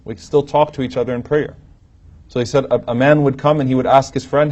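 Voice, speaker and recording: A man's voice: medium pitch, fast. Guy lecturing from a podium, religious talk, acts out the quotes, kinda muffled lo-fi sound. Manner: lively storytelling, acting out quoted lines with humor. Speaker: Islamic teacher lecturing. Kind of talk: religious lecture to a live audience. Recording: dull, muffled lo-fi recording.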